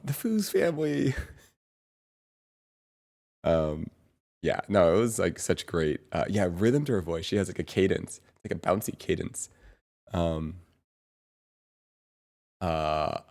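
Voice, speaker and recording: A man livestreaming and chatting casually to his viewers, rambling and often pausing to search for words. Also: low voice, darkish tone. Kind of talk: casual chat to stream viewers.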